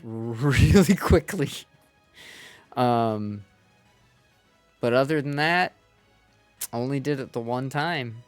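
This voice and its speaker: A male gaming streamer talking through a casual story in a smooth, clear voice. He speaks slowly, stops often for ums and little laughs, and lets his sentences wander. The sound is dry and close, with faint music underneath. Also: medium pitch, a bit bright, no echo. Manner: rambling, laughs often, many fillers.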